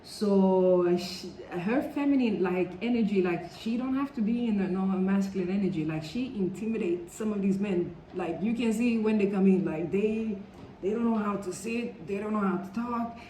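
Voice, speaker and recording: A woman's voice: medium pitch, moderate pace, dark tone. A woman talking casually to camera in a rambling storytime vlog, peppering her speech with "like" and "you know.". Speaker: vlogger. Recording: roomy echo with faint background noise.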